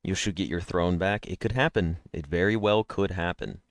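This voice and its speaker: Through a headset mic, a man streaming daily guessing games chats and rambles nonstop to viewers, yawning as he goes. His low voice moves at normal speed, with clean studio sound and no room echo.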